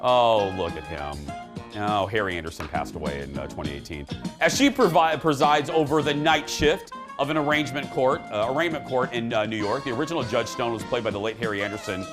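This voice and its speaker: A man hosting an entertainment talk show, chatting casually with an animated, joking and emphatic manner. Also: mid-range voice, fairly quick, over music.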